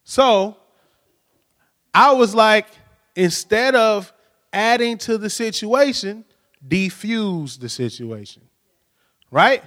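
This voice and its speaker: A man's voice: sits high, expressive, slow, long pauses, a bit bright. A man preaching a conversational sermon, telling stories and often checking in with "right?". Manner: storytelling, frequent "right?" tag questions. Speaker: pastor. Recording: long hall reverb.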